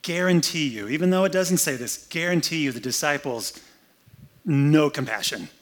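A man's voice: a little high, animated, moderate pace. A pastor giving a conversational, humorous sermon indoors, acting out the story as he goes. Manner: conversational, humorous, acts out scenes. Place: air-conditioned room, indoors.

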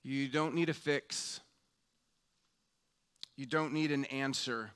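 Slow, hushed-toned male pastor. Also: mid-range voice, fairly even intonation, clean tone. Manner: slow, reflective preaching that drops to a hushed tone. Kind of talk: sermon.

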